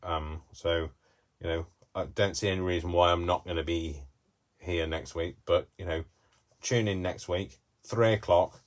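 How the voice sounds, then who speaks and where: A man's voice: low-pitched, steady tone, unhurried. A man hosting a live craft tutorial in a small craft room, rambling with jokey, self-deprecating asides.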